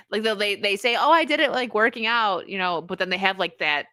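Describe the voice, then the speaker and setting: A woman's voice: mid-range voice, normal speed, sharp tone, clean tone, no room sound, studio quality. A woman from the United States hosting a podcast, chatting casually and giggling, and reading out messages from viewers. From USA. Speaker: podcast host.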